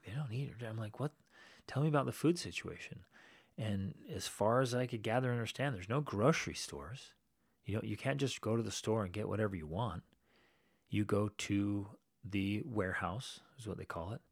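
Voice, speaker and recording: A man's voice: on the low side, dry recording, studio quality. A man hosting a podcast, telling a personal story in a casual way and acting out the voices of the people in it. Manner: animated, acts out quoted people. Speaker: podcast host.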